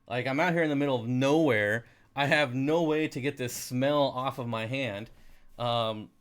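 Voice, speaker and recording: A man's voice: medium pitch, moderate pace. A man hosting a live stream, chatting casually and rambling through anecdotes with frequent restarts. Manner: rambling storyteller, many restarts and laughs. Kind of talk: casual chat.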